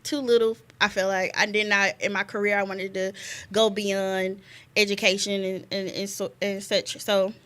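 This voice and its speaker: A young woman, a guest telling a personal story in an animated way, laughing often and repeating words. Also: medium pitch, normal speed. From North Carolina, US. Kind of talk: casual conversation, personal story.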